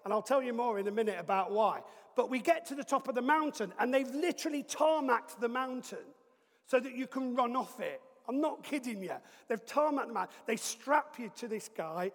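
A male preacher telling a story in an animated, comic way. His voice is high for a man. It carries the long reverb of a large hall, and he sometimes breaks into bursts of shouting. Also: brisk. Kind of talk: storytelling sermon.

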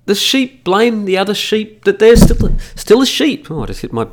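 A man's voice: high voice, big pitch swings, normal speed. A middle-aged Australian man hosting a solo podcast, ranting profanely in a mocking, emphatic way into a studio microphone. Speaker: podcast host.

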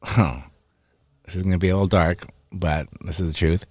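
Low-voiced young man, candid and halting. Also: fairly even intonation, darkish tone, dry recording. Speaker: co-host. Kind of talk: casual podcast chat.

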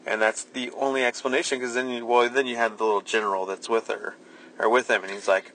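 A man's voice: mid-range voice, flat delivery, quick pace, a bit bright, slight background noise, poor audio. A man co-hosting a podcast, recapping a movie plot and laughing at how bad it is. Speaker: podcast co-host. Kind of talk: casual movie review chat.

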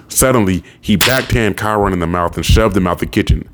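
A man narrating a novel audiobook in a steady storytelling voice. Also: low-pitched, fairly quick, hardly any pauses.

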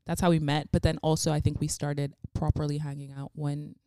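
A woman's voice: deep voice, flat delivery, fairly quick, warm tone, clear, resonant tone, no echo, studio quality. A young woman guest-interviewing on a podcast, bubbly and giggly, chatting in long run-on stretches. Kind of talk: casual podcast chat.

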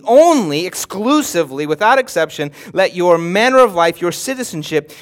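A pastor preaches with a fairly high, bright-edged voice. He is earnest and emphatic, often doubling words as he restarts, then slows right down to hammer home the important phrases. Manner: slows down and presses hard on key words. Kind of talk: sermon.

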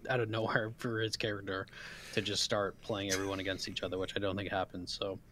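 A man's voice: fairly low pitch, level tone, quick pace, a bit bright, slight background noise. A man co-hosting a casual recap discussion, arguing emphatically and asking rhetorical questions. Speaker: podcast co-host.

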